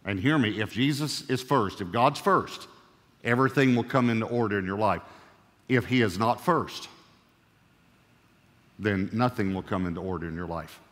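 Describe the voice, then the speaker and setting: A man preaching a sermon as pastor, emphatic, slowing right down to stress key words and repeating them. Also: lowish voice, fairly bright tone. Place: church sanctuary. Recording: reverberant church hall.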